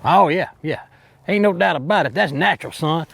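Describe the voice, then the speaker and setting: A bumbling Alabama Bigfoot hunter. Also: male voice, a little high, a little fast, creaky, a bit bright, husky, full character voice. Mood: rambling. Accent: Alabama Southern. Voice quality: folksy drawl, cocky rambling. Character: bumbling boastful redneck Bigfoot hunter man. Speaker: hunting show host character. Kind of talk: mock outdoor show comedy acting.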